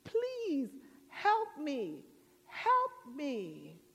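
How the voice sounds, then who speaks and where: A woman's voice: sits high, wildly swooping pitch, extremely slow, gravelly, fairly bright tone, exaggerated voice. A woman voicing a desperate man hanging from a cliff, pleading frantically, in a sermon. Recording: long church reverb.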